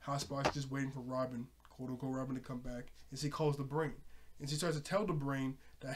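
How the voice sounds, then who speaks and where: A young man casually recapping a cartoon episode, laughing often and jumping up in pitch when surprised. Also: little pitch movement, brisk. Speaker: show reviewer.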